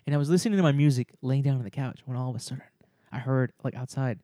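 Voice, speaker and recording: A man's voice: mid-range voice, racing, no room sound, studio quality. A man co-hosting a casual podcast, telling a story with lots of swearing and acted-out voices. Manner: animated, swears freely, acts out voices in stories. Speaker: podcast co-host.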